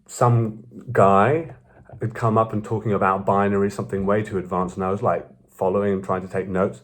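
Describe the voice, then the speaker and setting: A man's voice: fairly low pitch, normal speed. Rambling young man. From Belgium. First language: French. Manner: rambling, self-correcting, animated. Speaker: vlogger. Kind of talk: casual storytelling.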